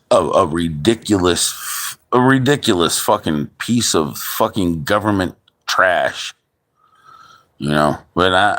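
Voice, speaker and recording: A man with a very low, deep voice vents in a long, heated monologue. He swears in nearly every sentence and keeps stumbling and restarting as he talks. Casual and unscripted, like talking straight to his stream. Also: a bit bright. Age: adult father. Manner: heavily profane, ranting with restarts. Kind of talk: angry venting monologue.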